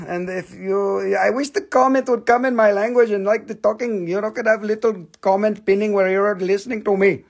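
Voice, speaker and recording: A man hosting a live sales stream from his home, with rushed, joking sales patter. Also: high-pitched, steady tone, creaky. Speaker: live-stream seller of rocks and jewelry.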